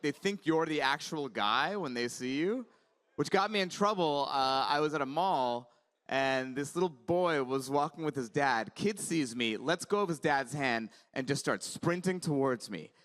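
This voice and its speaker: A man's voice: on the high side, animated, moderate pace, a bit bright. A man in his thirties doing a stand-up comedy set on a conference stage, chatty and wry.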